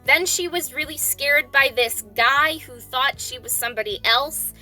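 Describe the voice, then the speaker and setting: A woman's voice: high-pitched, a little slow, pushed and bright, soft background music. A woman vlogger reviewing books in a casual, blunt and exasperated way. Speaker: book vlogger. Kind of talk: casual book review vlog.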